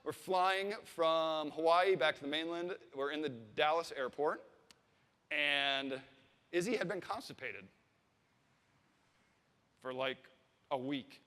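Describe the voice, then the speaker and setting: A man's voice: a little high, takes it slowly, long pauses, pushed and bright, long reverb tail. A man in his thirties telling a comic story on stage, swearing and acting out the voices of the people in it. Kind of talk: comic personal anecdote to a live audience.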